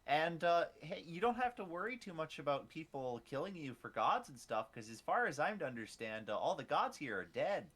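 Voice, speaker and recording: A man with a lively, up-and-down voice speaks in character in a tabletop game. He rambles easily, with plenty of fillers. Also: on the high side, normal speed, few pauses. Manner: rambling and easygoing, with lots of fillers. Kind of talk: casual in-character chat.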